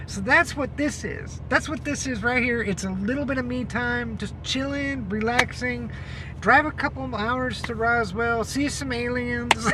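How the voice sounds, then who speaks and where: A woman talking to a handheld camera from her car, in a slow, unhurried, rambling way. She chats loosely and laughs a lot. Steady engine noise hums clearly under her voice. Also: fairly high pitch. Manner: rambling, chatty, laughs often. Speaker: vlogger. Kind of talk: casual chat to camera. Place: inside a car.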